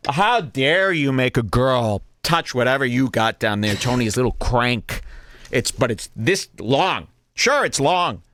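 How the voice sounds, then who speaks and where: A man rants sarcastically as a podcast host, his pitch jumping all over the place. The sound is dry and close to the mic. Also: unhurried, no room sound. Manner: sarcastic, animated. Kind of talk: mocking commentary on a clip.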